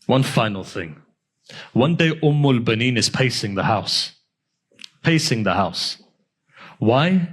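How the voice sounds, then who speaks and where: A man's voice: mid-range voice, expressive, slow, long pauses, husky. A male preacher telling a mournful story in a sermon, swelling into emotional recitation.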